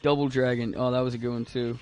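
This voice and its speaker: A man's voice: medium pitch, level tone, quick pace, a little mellow, smooth, soft background music. A man chatting casually and rambling while he plays a video game on stream, laughing often. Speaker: gaming streamer. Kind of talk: casual chat while playing.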